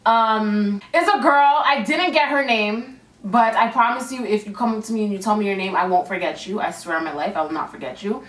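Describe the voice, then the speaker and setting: Animated young woman vlogger, echoey room. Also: a little fast, hardly any pauses. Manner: animated, acts out voices with big pitch jumps. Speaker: beauty vlogger. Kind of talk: casual storytime. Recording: echoey room, a bit far from mic.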